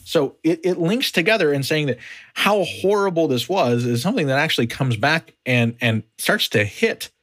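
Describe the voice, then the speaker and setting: A man's voice: a little high, lively intonation, moderate pace, fairly bright tone. A man teaching a conversational Bible study on a podcast, explaining animatedly and often restarting his sentences. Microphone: podcast microphone.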